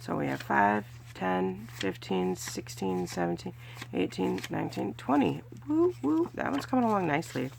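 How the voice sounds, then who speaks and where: Doing cash challenges on her budgeting channel, a California woman chats casually, counting money aloud and cheering a little. Her fairly low, creaky voice has lively intonation and a normal pace, with some hiss or hum in the recording.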